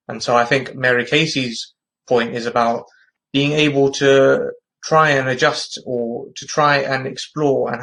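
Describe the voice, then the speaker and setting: A man's voice: medium pitch, creaky, a bit bright, low-quality recording. A man with a London accent explaining a topic in a patient, methodical lesson. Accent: London English. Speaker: English tutor.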